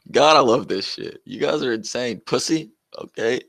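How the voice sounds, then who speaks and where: With a medium-pitched, slightly bright voice marked by vocal fry, a young man hosts a casual livestream with no echo. He reads chat out loud, trades mocking, profane jabs with commenters, and laughs often.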